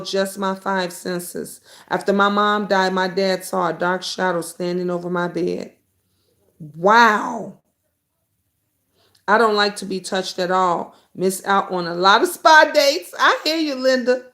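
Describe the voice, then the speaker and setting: A middle-aged woman hosting a live stream, talking bluntly and reading viewer comments aloud, with the occasional swear. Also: medium pitch. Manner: blunt and outspoken, swears freely; animated, jumps between comments and stories. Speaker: YouTube talk show host.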